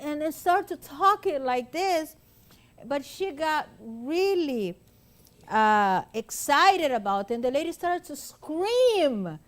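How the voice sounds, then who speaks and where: Slow, animated woman lecturing a class. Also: on the high side. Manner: animated storytelling, acting out quotes, many fillers. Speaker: spiritist lecturer.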